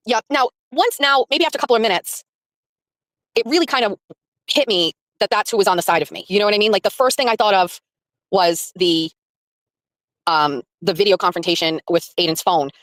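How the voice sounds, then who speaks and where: A chatty woman tells her viewers a story at a fast clip, replaying each line of the conversation in quotes. Her voice sits close and dry, with no room around it. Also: mid-range voice, fairly bright tone, dry recording, poor audio. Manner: chatty, retells by acting out quotes, laughs often. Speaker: streamer covering a court trial.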